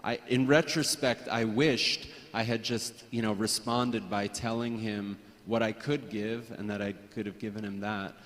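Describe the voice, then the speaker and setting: A man sharing personal memories at a memorial gathering, hesitant, with frequent restarts and soft laughs. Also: on the low side, fairly even intonation, a little slow, few pauses, big-room sound. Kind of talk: personal reminiscence.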